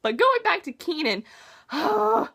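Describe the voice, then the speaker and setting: A young woman chats about a novel she just finished in a casual vlog. Her voice sits high and bounces around a lot, and she talks in an emotional, gushing, slangy way. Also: very animated, takes it slowly, gravelly, fairly bright tone. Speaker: book reviewer. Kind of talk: casual book talk vlog.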